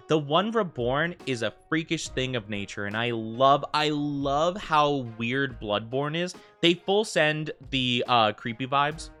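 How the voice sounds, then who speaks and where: An American man chats through a game livestream, drifting from thought to thought with plenty of filler words. His voice is bright and forward at a middle pitch, and a faint bed of music plays quietly beneath him. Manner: rambling, heavy use of fillers like "like". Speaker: streamer. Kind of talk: casual livestream chat.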